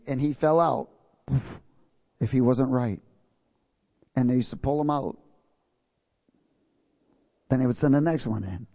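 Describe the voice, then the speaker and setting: A man's voice: fairly high pitch, darkish tone. A man preaching a sermon in a folksy way, reading scripture and checking in with his congregation.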